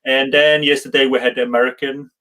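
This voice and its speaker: A man hosting a live show who reads out viewer comments and jokes around, talking haltingly with frequent restarts. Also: mid-range voice, little pitch movement, bright, forceful tone. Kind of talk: casual live-stream chat, reading viewer comments.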